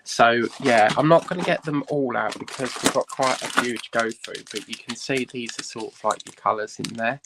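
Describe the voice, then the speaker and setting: A man's voice: medium pitch, normal speed, few pauses, background noise. A man hosting a casual unboxing vlog, chatting and thinking aloud with lots of "right" and "um". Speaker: host.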